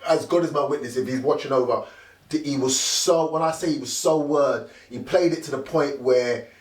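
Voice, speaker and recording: A middle-aged man, a podcast guest telling animated anecdotes and acting out the quoted lines. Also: medium pitch, moderate pace, slightly rough.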